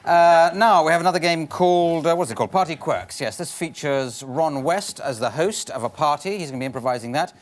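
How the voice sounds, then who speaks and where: Genial game show host. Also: male voice, fairly high pitch, expressive, brisk, few pauses. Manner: genial, hesitant with ums. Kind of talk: TV panel show hosting. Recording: TV studio with audience.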